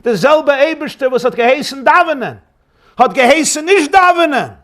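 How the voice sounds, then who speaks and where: A man voicing a saintly, joyful Hasidic sage who speaks with rising, exuberant excitement. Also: very high-pitched, a little fast, pitched above the performer's own voice.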